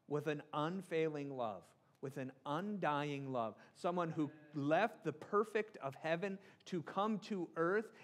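A man's voice: on the high side, fairly bright tone. A middle-aged man, a pastor, preaching in a casual, joking way and often checking with the room. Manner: joking, keeps asking the room "right?". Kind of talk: conversational sermon.

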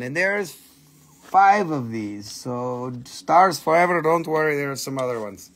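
Man, live-stream seller, higher voice, unhurried, playful banter, phone mic. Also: expressive, fairly bright tone. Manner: playful, joking with viewers, talks to himself. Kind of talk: live-stream sales pitch.

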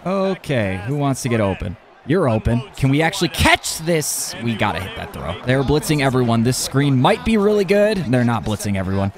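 A young man commenting on his own football video game as he plays, excitable and talking to himself, often yelling at plays. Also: mid-range voice, fairly quick. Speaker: gaming YouTuber. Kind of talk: live gameplay commentary.

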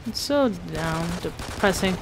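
A woman's voice: on the low side, expressive, slow, background noise. An American woman chatting playfully and exclaiming while playing an online game. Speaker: gamer. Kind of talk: casual gaming chat.

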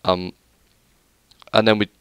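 A man's voice: on the low side, level tone, slow pace, fairly bright tone, clear, resonant tone, no echo. A young man giving a rambling, self-deprecating tour of a game world, full of hesitant fillers. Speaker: gaming YouTuber. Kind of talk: casual let's play commentary.

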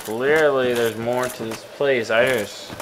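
A man commentating his own gameplay in a casual let's play, swinging between quiet mumbles and excited yelps. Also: medium pitch, slow, background noise. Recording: loud game sounds behind voice.

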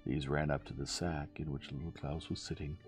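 A man gently reading a bedtime story aloud as the narrator. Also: extremely low pitch, little pitch movement, moderate pace, soft background music.

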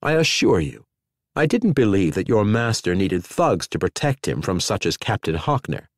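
Brisk bossy woman official, as a male narrator puts her on, high pitched, dry close audiobook sound. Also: very animated, no echo, exaggerated voice. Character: brisk middle-aged woman regiment administrator.

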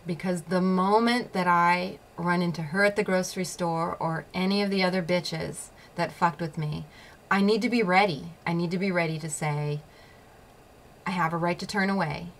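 A woman's voice: fairly low pitch, steady tone, moderate pace, slight background noise. A woman hosting her own show, telling a personal story in a blunt, profane way and laughing often. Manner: repeats phrases for emphasis. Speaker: show host.

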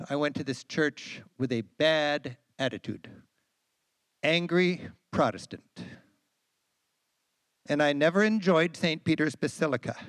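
An American man in his sixties tells travel stories to an audience with lively, animated enthusiasm, his slightly high voice carrying a gravelly edge. The sound is close and dry, with little room echo. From United States. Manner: enthusiastic, animated storyteller with frequent fillers. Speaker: travel writer and guest speaker. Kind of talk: storytelling talk to an audience. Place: lecture event.

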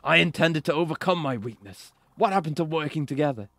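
A man's voice: fairly high pitch, lively intonation, brisk, a bit bright, dry recording, pitched above the performer's own voice. A man reading the lines of a proud, defiant young male rival in a heated, accusing way.

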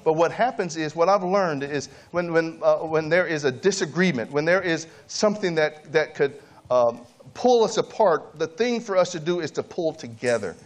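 Man, preacher at a camp meeting, slightly high voice, pleading sermon delivery with sudden quiet asides. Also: animated, moderate pace, hardly any pauses. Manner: rises to high, emphatic pleading then drops to quiet asides.

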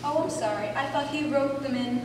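A woman's voice: high voice, brisk, noisy background, natural voice. A woman on stage playing a sassy young woman character who mocks and wails melodramatically, heard from far off in an echoey hall. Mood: scornful. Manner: melodramatic wailing, then mocking and blunt. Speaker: stage actor. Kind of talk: amateur stage play performance. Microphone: far room mic.

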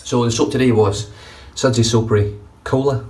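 In his bathroom, a wet-shaving vlogger with a medium-pitched, darkish voice offers a casual shave review that's blunt and full of swearing. His tone stays steady at normal speed. Faint room noise comes through the distant mic.

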